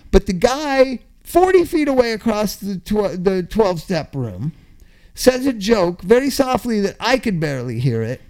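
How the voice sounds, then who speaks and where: An older man with a high, very lively voice spins a rambling recovery story in a casual chat. He swears freely, laughs at his own jokes and shouts out the lines he once yelled. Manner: animated storyteller, swears, laughs often, acts out yelling.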